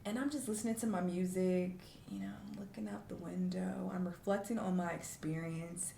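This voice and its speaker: A woman from the United States talking frankly and reflectively to camera in a vlog, with fillers and emotional pauses, tearful at times. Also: fairly low pitch, steady tone, creaky, mellow, reverberant, a little hiss or hum. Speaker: vlogger.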